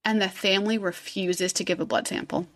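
A woman's voice: mid-range voice, fairly even intonation, a little fast, fairly bright tone. A woman in a casual podcast chat, telling the story loosely and full of filler words. She acts out the people she quotes and laughs along as she goes. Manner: chatty storyteller, heavy 'like', acts out quotes, laughs often. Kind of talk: casual true-crime chat.

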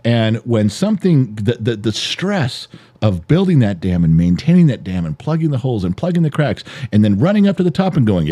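Middle-aged dad co-host, deep warm voice, swings widely in pitch, pressing his point hard. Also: very animated, fairly quick. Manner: emphatic, repetitive, swears, builds an extended metaphor. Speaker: podcast co-host, father. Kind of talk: heated personal monologue.

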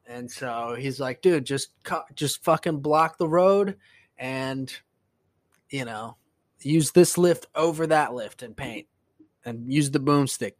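A man hosting a casual solo podcast, telling a story in profane, animated bursts that climb into a rant. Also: medium pitch, no echo. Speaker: podcast host.

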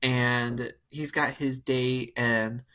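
In a casual podcast chat, a young co-host spins a wild dating tale, drawing out his words in a clean, mid-range voice. He stays animated throughout, piling on fillers and performing the quotes.

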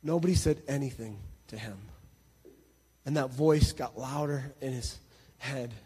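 Emphatic preacher with a husky voice. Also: male voice, medium pitch, a little slow, in a large hall. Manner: emphatic, repeats words, swings between loud and hushed. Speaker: pastor. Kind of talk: sermon storytelling. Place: church hall.

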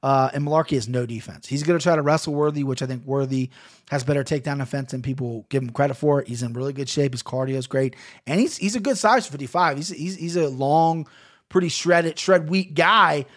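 Ohio-accented male podcast host, slightly high voice, rambling and profane. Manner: rambling, profane, quick to laugh. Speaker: podcast host picking fights. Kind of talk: casual betting chat.

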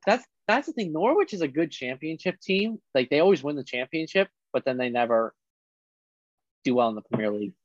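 A man co-hosting a casual sports podcast, running through league standings in a halting way with fillers. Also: on the high side, very animated, dry recording. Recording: dull lo-fi dry sound.

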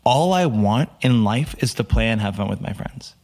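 A man from the United States, a podcast guest, telling lively stories and acting out the lines of the people in them. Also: on the low side, moderate pace. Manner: animated storyteller, acts out quotes. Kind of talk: casual storytelling interview.

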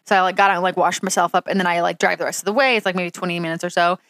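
A woman's voice: fairly low pitch, fairly even intonation, rapid-fire, a bit bright, dry recording, clean studio sound. A young woman co-hosting a podcast, telling a long personal story in casual chat, full of "like". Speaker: podcast co-host.

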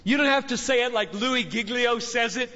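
A man's voice: extremely high pitch, moderate pace, bright, forceful tone. A middle-aged man preaching a fervent sermon from a stage, exhorting his listeners with emphatic repetition. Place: large conference hall. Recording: dull recording, long hall reverb.

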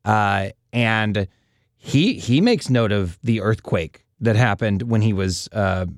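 A man in casual conversation who talks haltingly, with many restarts and fillers. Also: fairly low pitch, lively intonation, no echo, studio quality. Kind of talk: casual faith discussion.

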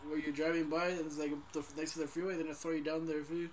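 A man's voice: fairly high pitch, flat delivery, quick pace, background noise. A man co-hosting a casual podcast chat, teasing his friends in profane banter. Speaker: podcast co-host.

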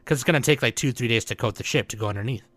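A young man on a podcast recapping manga plot, animated and swearing a lot, acting out the characters' lines. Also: mid-range voice, very fast, no room sound. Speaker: podcast co-host. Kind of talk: casual podcast chat about manga.

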